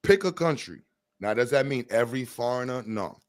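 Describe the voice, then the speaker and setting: A male stream host talks in a blunt, rambling, jokey way at a middle pitch. The sound is dry and close, with no room around it. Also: expressive, normal speed, dry recording. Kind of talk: casual livestream chat.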